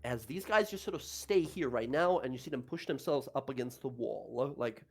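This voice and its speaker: A man's voice: medium pitch, a little fast, a little mellow, soft background music. A man running a tabletop game as game master, narrating loosely with lots of fillers.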